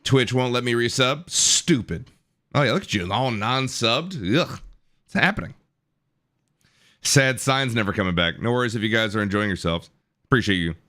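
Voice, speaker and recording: A livestream host in his thirties talks with a mid-range voice, fairly quick and sharp-toned. He's chatty and playful, joking around, reading out the chat, and thanking his subscribers.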